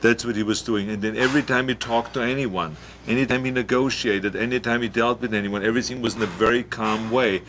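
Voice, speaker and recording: A man giving a documentary interview in a halting way, with frequent restarts and fillers. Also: medium pitch, steady tone, fairly bright tone, slight background noise.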